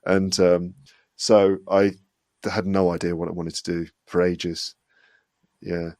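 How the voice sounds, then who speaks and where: A man in his forties with an English accent and only a faint West Midlands trace, talking in a lowish voice. He chats easily and pokes fun at himself as an interview guest. The sound is dry and close. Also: level tone, takes it slowly, darkish tone, no room sound. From England, West Midlands (Solihull). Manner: chatty and self-deprecating, laughs often, mimics voices. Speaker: guest, English teacher and podcaster. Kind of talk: casual interview chat.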